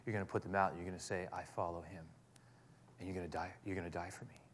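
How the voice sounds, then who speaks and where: A preacher quoting a gentle teacher, hushed and solemn, his voice dropped a little lower and quieter than his preaching. He speaks slowly and earnestly, as if telling a hard truth kindly. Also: steady tone, a little hiss or hum, natural voice. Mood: solemn tender. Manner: soft, measured, earnest.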